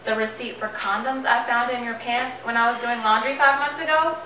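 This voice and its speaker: A woman's voice: a little high, fairly even intonation, fairly quick, bright, forceful tone, a little hiss or hum. An actress playing a wife who coldly and defiantly confronts her cheating, abusive husband in an indie film drama. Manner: cold, defiant and cutting. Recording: roomy echo, voice from a distance, faint music.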